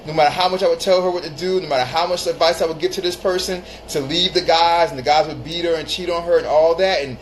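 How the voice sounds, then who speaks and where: A man's voice: on the high side, steady tone, fast talker, few pauses, poor audio. A man talks straight to his viewers in a slightly raised voice, hammering home his advice by repeating short phrases. He breaks off now and then to greet people joining the stream. A faint hiss sits under his casual, unscripted talk. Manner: emphatic, repeats phrases for stress. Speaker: live-stream host.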